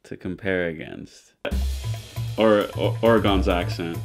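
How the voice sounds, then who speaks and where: A man's voice: low voice, a little slow, creaky, over music. An American man co-hosting a reaction video with brief offhand remarks. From United States. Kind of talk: casual reaction commentary.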